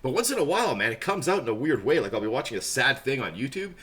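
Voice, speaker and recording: Chatty guy streaming games, pokes fun at himself, pitch all over the place. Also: big pitch swings, fast talker, fairly bright tone. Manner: chatty, self-mocking, laughs often. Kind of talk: casual live-stream chat.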